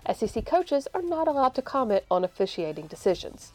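A woman's voice: a little high, very animated, brisk, dry recording, faint music behind. Wry woman reading a sports report. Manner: wry, sardonic delivery. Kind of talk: scripted news report.

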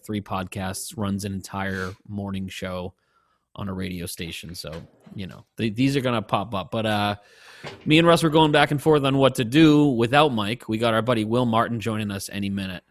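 A man's voice: on the low side, moderate pace. Profane, rambling podcast host man. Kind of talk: casual podcast chat.

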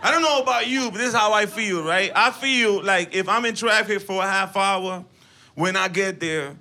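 A man doing a profane, animated stand-up routine on a club stage, acting out scenes with sudden yelps and shouts. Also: sits high, normal speed, a faint crowd. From Latino, in Los Angeles. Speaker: stand-up comedian. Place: comedy club stage with audience. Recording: noisy live club recording with laughter.

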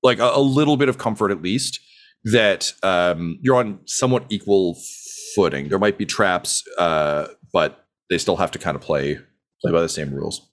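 A man's voice: sits low, normal speed. A man narrating a tabletop game as game master, loose and rambling with lots of fillers.

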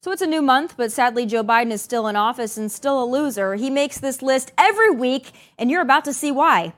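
A woman's voice: high voice, animated, fairly quick, fairly bright tone. A woman hosting an opinion show, delivering sarcastic, emphatic commentary from a studio. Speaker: host.

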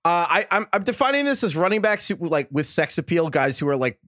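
A man's voice: a little high, dry recording, clean studio sound. A man with a New York accent, hosting a casual sports podcast and joking through running back rankings. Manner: fast, animated, joking. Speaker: podcast host.

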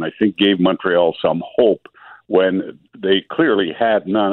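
A man giving radio sports analysis in a measured, thoughtful way. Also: low voice, no room sound. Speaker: sports reporter. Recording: phone-line sound.

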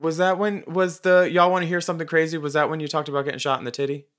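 A man's voice: fairly high pitch, flat delivery, very fast, fairly bright tone, clean tone. A man co-hosting an interview who talks in a playful, effusive way and laughs easily. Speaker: co-host. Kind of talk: casual interview chat.

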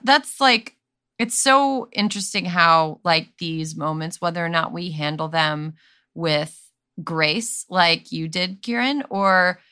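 A woman's voice: fairly low pitch, takes it slowly, bright, forceful tone, smooth. A woman from Wisconsin hosting a podcast, talking easily and laughing, loose with fillers. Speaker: podcast host. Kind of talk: casual podcast chat.

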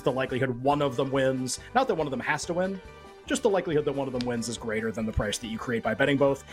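Man, sports betting analyst, rapid casual chat, mid pitch. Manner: quick, loose and conversational, lots of fillers.

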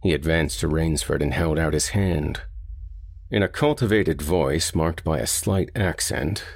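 A man narrates a short story in a steady, deliberate manner. His voice is very deep and noticeably husky. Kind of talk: audiobook reading of a short story.

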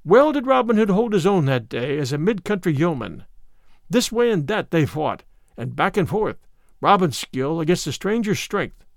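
Man narrating an old tale, lively pitch, fairly high voice. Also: moderate pace, gravelly, dry recording, clean studio sound. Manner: expressive storytelling. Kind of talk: scripted narration of a classic tale.

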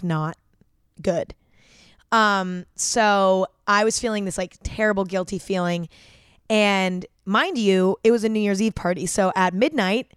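A woman's voice: mid-range voice, clean tone, dry recording, clean studio sound. A young woman hosting a podcast and telling a personal story in a casual, chatty way, packed with fillers and frequent swearing. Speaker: podcast host.

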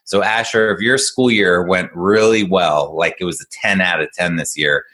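A man with a very deep voice coaching kids in a casual conversation. He explains in an upbeat, patient way, often checking in with his listener. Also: moderate pace, bright, forceful tone. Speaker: executive functioning coach.

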